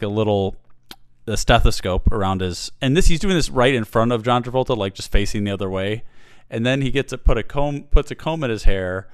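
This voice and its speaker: A man with a low, smooth voice, talking casually and rambling as he retells a film's story. He stumbles and restarts often. The sound is dry and close, with no room echo. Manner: rambling, many fillers and restarts. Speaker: podcast host reviewing a film. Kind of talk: casual chat.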